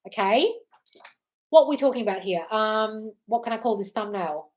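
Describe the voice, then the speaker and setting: A woman's voice: mid-range voice, expressive, moderate pace, a little mellow. An Australian woman hosting a live-stream Q&A, reading out comments and answering bluntly but affectionately, calling listeners darling. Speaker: manifestation coach.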